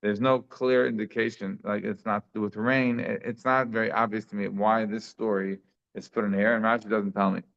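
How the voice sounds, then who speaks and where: A man's voice: on the low side, flat delivery, a little fast, gravelly, fairly bright tone. A man giving a daily Talmud class in a conversational way, thinking aloud with frequent restarts. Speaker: Talmud teacher. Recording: slightly dull lo-fi sound.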